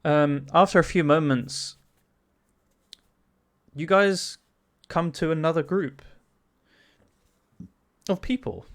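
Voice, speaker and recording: A man's voice: fairly high pitch, slow pace, pauses often. A man narrating a tabletop game as game master, casual, laughing often and swearing.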